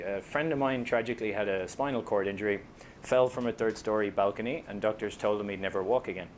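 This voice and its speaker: Irish man, thirties, comic storyteller at a lectern, faint low rumble under the voice. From Ireland. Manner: self-deprecating, joking storyteller. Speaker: author giving a talk. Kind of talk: comic public talk.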